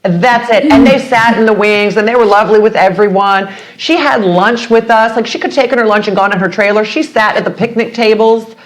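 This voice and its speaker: A woman chatting as a podcast guest. She tells stories with energy and jumps into high, bright voices when she quotes other people. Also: brisk, hardly any pauses. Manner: animated storyteller, acts out quotes with big pitch jumps. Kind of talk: casual chat.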